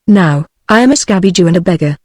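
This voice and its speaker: A British-accented text-to-speech woman's voice reading the lines of a bitter, sarcastic poor man in a storybook, in the same even manner as the narration. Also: fairly low pitch, fast, dry recording, clean studio sound. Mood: scornful. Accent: British English. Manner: flat synthetic reading.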